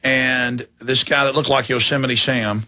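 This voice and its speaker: A man's voice: medium pitch, steady tone, measured pace, pushed and bright. A tired male talk radio host rambling through an indignant personal story in an interview, full of restarts. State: tired after a long broadcast.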